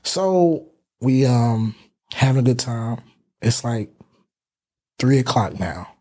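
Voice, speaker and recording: A young man hosting a casual talk show, telling a story in an animated way and acting out what people said. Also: mid-range voice, slow pace. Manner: animated storyteller, acts out quotes. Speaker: podcast host.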